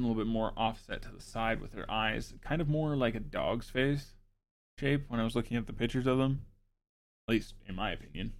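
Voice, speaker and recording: A man hosting a show, reading informational notes aloud and breaking off for joking asides. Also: fairly low pitch. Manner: wry, joking asides between read facts. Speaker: show host.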